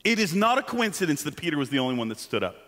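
A man preaching a sermon in a church, animated and joking, with self-deprecating asides. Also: a little high, racing, big-room sound. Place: church sanctuary.

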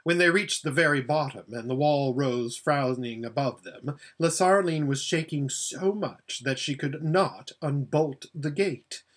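A pastor reading a children's book aloud for a public library, gentle and unhurried. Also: male voice, on the high side. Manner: gentle, with frequent "uh" fillers.

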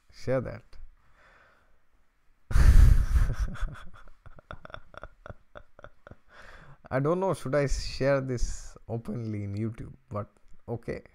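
A man's voice: lowish voice, creaky, a little mellow. A man hosting an astrology video channel, telling a story in a casual, chatty way and often breaking into chuckles.

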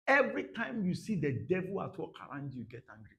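Fiery preacher, high lively voice. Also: male voice, quick pace, vocal fry. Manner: dramatic, swings from soft murmurs to shouted bursts; repeats phrases for emphasis, laughs at his own points. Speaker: pastor. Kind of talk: sermon.

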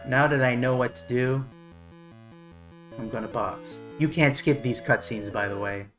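Man muttering over retro gameplay. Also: medium pitch. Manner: mutters and curses to himself under stress; wry, self-mocking asides. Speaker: streamer playing retro games. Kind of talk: live gameplay commentary.

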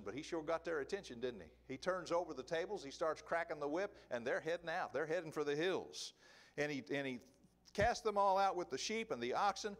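A man preaching a sermon in an emphatic, animated way, asking rhetorical questions. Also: on the high side.

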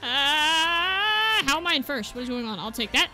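A young woman giving excited gameplay commentary. She yelps, swears and laughs at herself as she plays. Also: high voice, moderate pace, faint music behind. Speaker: gaming video creator.

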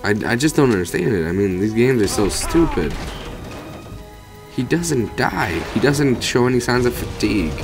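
A man's voice: lowish voice, lively intonation, moderate pace, vocal fry, music in the background. A man giving rambling let's play commentary over a video game, swearing casually at it. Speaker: gamer commentator.

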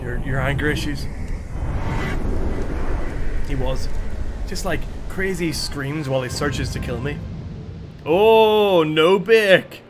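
A young man streaming a video game, chatting casually and excitedly with his viewers. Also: fairly high pitch, slow, long pauses. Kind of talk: casual live-stream commentary. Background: game music and sounds.

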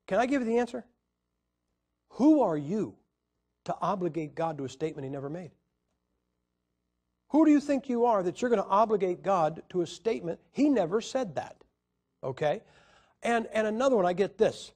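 Here the Bible teacher sounds expressive, his voice sitting high with a darkish tone. He keeps a moderate pace broken by long pauses, lecturing emphatically, questioning the class and counting out syllables for emphasis.

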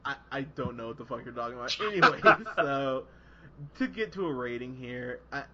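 Crowd noise sits behind a man of medium pitch and moderate pace as he reviews a movie for a podcast. The talk is casual and profane; he rambles, laughs, and voices quoted scenes with animation. It's captured in dull, lo-fi podcast quality.

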